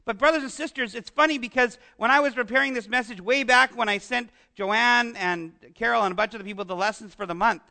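A Canadian man preaching in a loose, conversational way, his voice sitting very high for a man and sounding bright and forceful. He jokes with his listeners, backs up and restarts his sentences, and wanders into friendly asides. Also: fairly quick, few pauses. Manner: chatty, joking with the congregation, many restarts and asides. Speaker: pastor. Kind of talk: conversational sermon.

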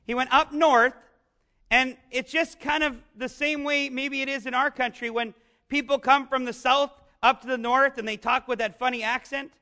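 A man's voice: very high-pitched, fairly even intonation, moderate pace, sharp tone. A man preaching a sermon in a conversational way, often asking his listeners questions and slipping in jokes. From northern United States. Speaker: pastor.

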